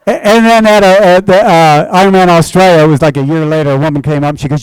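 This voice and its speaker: Older man, high-pitched voice, dry close sound, lively storyteller acting out both sides of a chat. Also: fast, smooth, dry recording, rough recording. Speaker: race announcer telling stories. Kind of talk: storytelling talk. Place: indoor club event.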